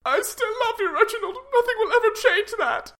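A man voicing a melodramatic wife in a shrill falsetto, in a comedy audio sketch. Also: lively intonation, a little fast, sharp tone, full character voice. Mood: gushing. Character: dramatic woman Priscilla, shrill and melodramatic.

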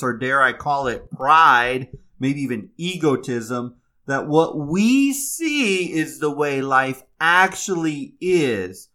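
A man telling a fable in a casual, conversational way, with fillers and restarts, then slowing down to reflect on its moral. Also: fairly high pitch, bright, forceful tone. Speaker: storyteller.

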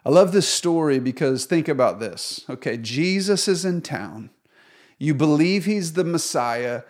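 A man's voice: fairly high pitch, lively intonation, measured pace. A male pastor from the United States preaching a sermon in an earnest, conversational way, retelling a story with animation.

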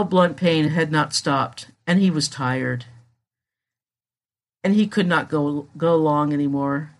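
A narrator telling a true story in a measured, solemn scripted narration. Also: mid-range voice.

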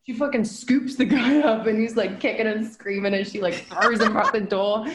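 A woman in her thirties tells a wild story in loose, casual chat, swearing freely and packing her lines with fillers. Her voice sits at an ordinary pitch for a woman. The recording carries a noticeable roomy echo. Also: steady tone, normal speed. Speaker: podcast co-host telling a story.

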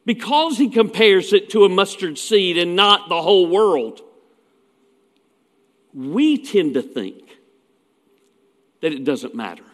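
A man's voice: sits high, expressive, slow, long pauses, a bit bright, big-room sound. A man preaching a sermon as pastor, telling stories in a folksy way with asides.

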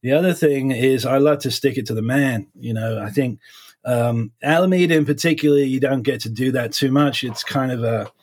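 A husky man in his forties being interviewed about his work as a lawyer. He talks in a halting, thoughtful way, often restarting his sentences. His voice sits at an ordinary middle pitch with a breathy edge. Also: a little mellow. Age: 40s. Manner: halting and reflective, many restarts. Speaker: defense attorney.

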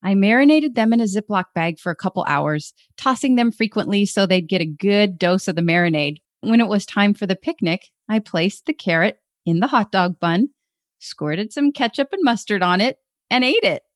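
A young adult woman hosting a podcast, cheerful and quick to laugh. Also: mid-range voice, animated, no room sound, clean studio sound. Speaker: podcast host. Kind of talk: upbeat podcast chat.

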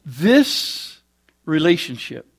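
A man delivering a sermon in a somewhat high voice. He builds to loud, emphatic peaks and then drops into quiet, low asides, mixing in homely jokes. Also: very animated, extremely slow, breathy edge. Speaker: preacher.

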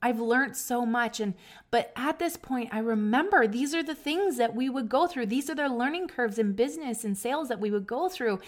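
A woman's voice: a little high, moderate pace. Earnest woman telling a personal story. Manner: earnest and emotional, with many restarts; lively, swinging between hushed and loud. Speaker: podcast host.

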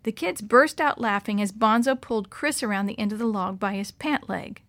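A woman narrating a children's storybook aloud in an expressive, lively way. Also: mid-range voice, moderate pace, dry recording.

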